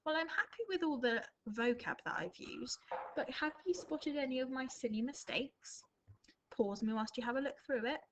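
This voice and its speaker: A woman, a primary school teacher recording a writing lesson for her class at home. She thinks aloud as she drafts and reads example sentences slowly and expressively. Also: sits high, expressive, slight background noise, rough recording.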